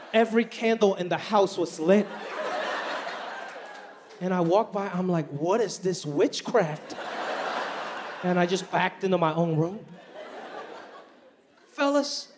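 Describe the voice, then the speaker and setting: A man in his thirties performing a stand-up comedy set on a theater stage, animated and acting out family members in exaggerated voices. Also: high voice. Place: large theater stage with live audience. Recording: live show with loud audience noise.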